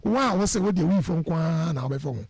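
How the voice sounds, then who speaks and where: A man speaking as a guest on a radio show, giving lively, preachy advice on how to order your life and mixing English phrases into his speech. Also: on the high side, very fast, gravelly, slightly rough, no echo. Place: radio studio.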